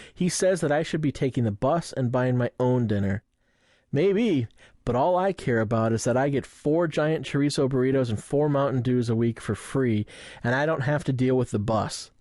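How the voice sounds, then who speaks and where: A man's voice: mid-range voice, darkish tone, no echo. Young guy narrating his memoir, wry and self-mocking, dry close sound. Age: young adult. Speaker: audiobook narrator. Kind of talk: first-person memoir narration.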